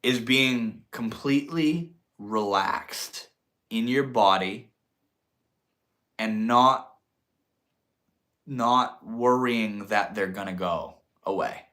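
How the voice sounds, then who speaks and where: A young man hosting a livestream, talking in a reflective, drawn-out way and swearing casually. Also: fairly low pitch, bright, forceful tone. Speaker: livestream host.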